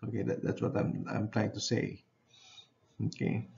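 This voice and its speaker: A man giving a university lecture. He speaks haltingly, often repeats phrases and checks in with his class using "okay". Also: on the low side, little pitch movement, gravelly, darkish tone, highs cut off.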